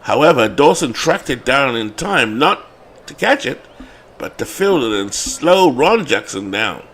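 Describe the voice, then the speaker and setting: A man with a London accent doing play-by-play commentary on a replayed baseball game, building to excited calls on big hits. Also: medium pitch, a little slow, breathy edge. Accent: London English. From England.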